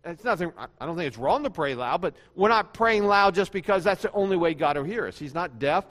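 A man's voice: high-pitched, animated, brisk, fairly bright tone, big-room sound. A male pastor giving a sermon in a conversational preaching style, now and then acting out quoted prayers. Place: church sanctuary.

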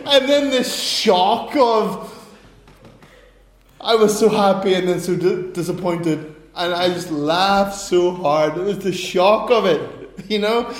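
Animated preacher, high voice, roomy. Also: male voice, a little slow. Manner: animated storytelling, laughing bursts. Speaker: pastor. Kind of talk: sermon with personal stories. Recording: roomy echo.

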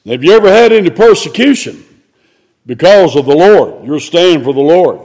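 A man preaching, reading scripture aloud and explaining it, rising to loud exclamations. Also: fairly high pitch, expressive, normal speed. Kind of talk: expository sermon.

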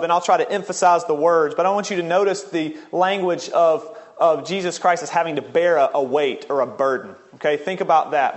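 A man preaching a sermon as a pastor, earnest, slowing down to stress key words. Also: high-pitched.

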